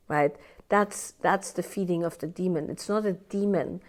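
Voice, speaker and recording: A woman teaching a live workshop in a somewhat low voice. She talks in a loose, conversational way, tagging her points with "right?" and "yeah." Now and then she slips into quoted inner voices to show what she means. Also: moderate pace, a little mellow.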